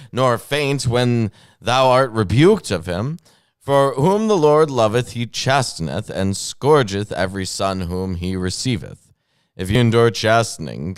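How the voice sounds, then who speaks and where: A man's voice: mid-range voice, clean tone, dry recording. A man co-hosting a casual chat show, reading old scripture aloud between dry asides. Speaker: co-host.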